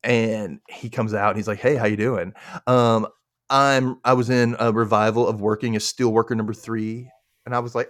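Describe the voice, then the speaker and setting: A man's voice: on the low side, normal speed, dry recording, clean studio sound. A young man from Mississippi hosting a podcast, recapping a show in casual chat and acting out the characters. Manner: animated, laughs often, acts out characters. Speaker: podcast host.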